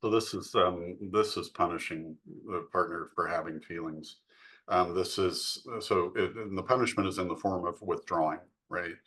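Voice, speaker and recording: A middle-aged man co-hosting a podcast, explaining in a measured way with frequent fillers. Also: sits low, steady tone, fairly bright tone. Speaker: podcast co-host. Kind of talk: podcast discussion.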